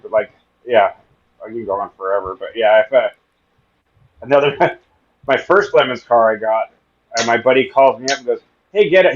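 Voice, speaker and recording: Laughing storyteller man, lo-fi sound. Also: medium pitch. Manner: animated, acts out dialogue, laughs often. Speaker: podcast guest. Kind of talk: casual storytelling.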